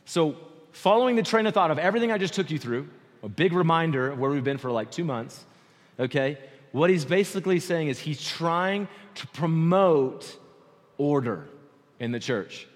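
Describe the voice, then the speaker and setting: Animated male pastor preaching in a reverberant church. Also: on the high side, moderate pace. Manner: conversational, animated, often checks in with "okay?". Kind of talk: sermon. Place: church sanctuary. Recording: long hall reverb.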